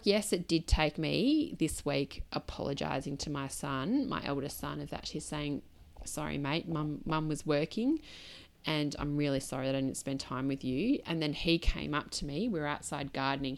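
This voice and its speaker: A woman in her thirties with a low voice talks alone into the mic for her podcast. She is candid and reflective, and her speech drifts through loose asides. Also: moderate pace. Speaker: podcast host. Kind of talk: solo podcast monologue.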